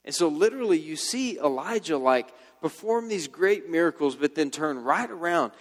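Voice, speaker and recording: A man's voice: a little high, lively intonation, moderate pace. A young man preaching a casual, slangy sermon to a youth group and telling the story loosely, like a friend would. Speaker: youth pastor. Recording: long hall reverb.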